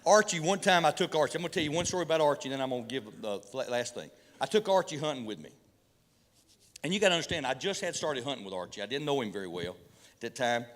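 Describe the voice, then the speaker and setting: A man's voice: medium pitch, animated, quick pace, fairly bright tone. A middle-aged man, a pastor telling folksy hunting stories with humor and preaching, full of repeats and restarts. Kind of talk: folksy sermon storytelling. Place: church hall event. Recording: long hall reverb from a church PA.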